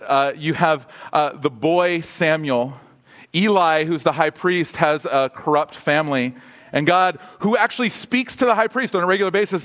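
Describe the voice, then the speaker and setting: Animated man preaching a sermon. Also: a little high. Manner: animated, questioning the congregation; humorous asides. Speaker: pastor.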